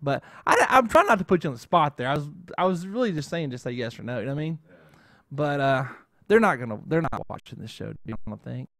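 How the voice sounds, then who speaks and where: Host type: male, slightly high voice, rambling and chatty, dry close mic. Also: expressive, quick pace, fairly bright tone, no room sound. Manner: rambling, keeps adding "okay?". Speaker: show host. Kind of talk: casual chat.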